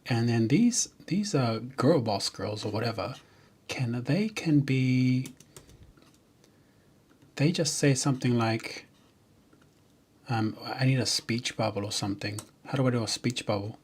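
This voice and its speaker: A man, a software developer, chatting casually and jokingly on a livestream, rambling with many fillers and restarts. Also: mid-range voice, animated, unhurried, pauses often, breathy edge.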